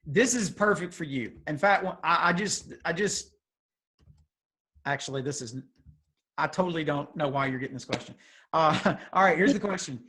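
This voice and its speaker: Leading a youth group over video call, a man jokes, teases and throws out would-you-rather questions, slipping into chatty side remarks as a casual host. His voice is a little high and sharp-toned with a breathy edge, at normal speed.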